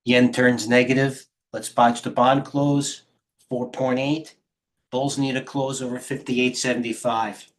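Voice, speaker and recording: Tired middle-aged host who rambles through live market commentary, ticker after ticker. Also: male voice, mid-range voice, little pitch movement, unhurried. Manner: rambling, off-the-cuff, jumps between stock tickers. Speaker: trading stream host.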